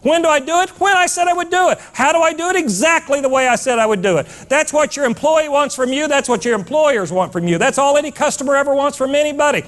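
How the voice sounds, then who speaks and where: A man's voice: very high-pitched, fast, few pauses, a bit bright. A man giving a blunt, fired-up motivational keynote to a live audience, scolding and hammering points with repetition.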